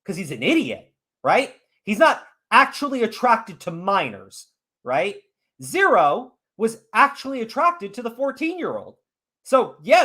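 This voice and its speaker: Heated, lively-voiced man ranting. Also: extremely high pitch. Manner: profane, heated and emphatic. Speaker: podcast host. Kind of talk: ranting commentary.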